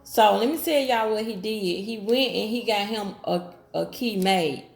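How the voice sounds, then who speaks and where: A woman tells her own story casually, speaking straight to viewers with Southern-style slang and acting out what people said in her own voice. Her voice is mid-range and gravelly, and she doesn't hurry. The room is echoey.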